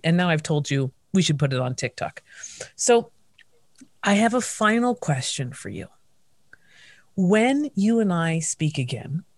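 A woman's voice: fairly low pitch, a little mellow, dry recording. A woman interviewing a young person in a casual, playful way, teasing and telling funny stories between questions.

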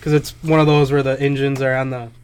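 A man on a podcast telling a profane, animated story in casual chat. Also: mid-range voice, fast, clean tone. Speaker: podcast co-host.

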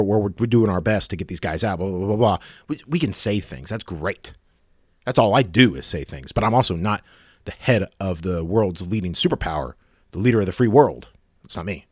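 A man's voice: fairly low pitch, dry recording, clean studio sound. A man delivering a sarcastic, exasperated rant in a monologue. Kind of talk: ranting monologue.

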